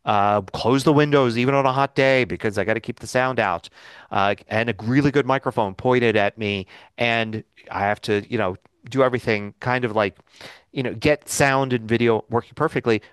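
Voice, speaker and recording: A man's voice: medium pitch, moderate pace, smooth, no echo. Man chatting casually, dry sound. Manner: rambling, loose delivery with many fillers. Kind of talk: casual chat. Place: home recording studio.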